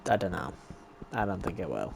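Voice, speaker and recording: A man's voice: deep voice, very animated, brisk, creaky, background noise. A man giving chatty running commentary to himself as he plays a game. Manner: chatty running self-talk. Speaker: gameplay streamer. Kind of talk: casual gameplay commentary.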